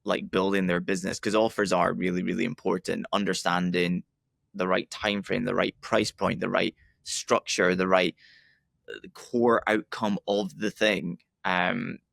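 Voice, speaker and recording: A man speaking as a podcast guest, explaining things in a steady way with fillers. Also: deep voice, gravelly, no echo, studio quality. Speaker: podcast guest, ads agency owner. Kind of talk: casual interview talk.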